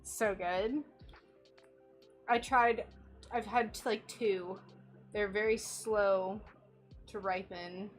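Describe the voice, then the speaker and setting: Slow, chatty woman streamer, giggly. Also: medium pitch, steady tone, soft background music. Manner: chatty and giggly, with frequent laughter. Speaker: craft livestream host. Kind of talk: casual chat while working, reading viewer comments. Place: home workshop in Florida.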